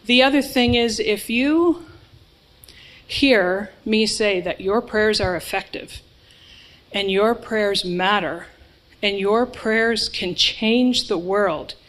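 A woman's voice: medium pitch, takes it slowly, a bit bright, low-quality recording. A woman preaching a sermon to a congregation, earnest and emphatic, with informal asides. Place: church hall with a live congregation.

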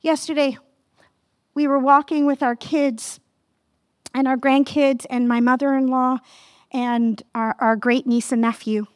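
A woman in her fifties preaching a sermon with passion, asking the listeners direct questions and rising to near-yelling. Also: high voice, little pitch movement, a little slow, pauses often, no echo, clean studio sound. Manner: asks the audience direct questions.

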